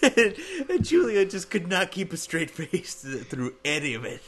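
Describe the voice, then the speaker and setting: A man's voice: high-pitched, normal speed, background noise. A man co-hosting a casual chat, recounting a scene while laughing. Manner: laughing, relaxed storytelling. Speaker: podcast co-host.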